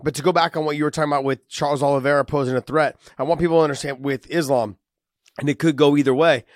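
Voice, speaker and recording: A man with a cold and a raspy voice, breaking down fights in a casual, emphatic way, often restarting his sentences. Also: fairly high pitch, steady tone, fast, no room sound, studio quality. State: has a cold, raspy voice and coughing. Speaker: co-host, fighter analyst.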